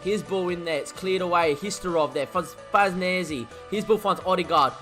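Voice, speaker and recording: Brief: male streamer, high bright voice, calls his own football match, quiet mutters then loud yells, faint music behind. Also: moderate pace. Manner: excitable, swings from muttering to shouting. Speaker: gaming streamer. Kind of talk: live football game commentary.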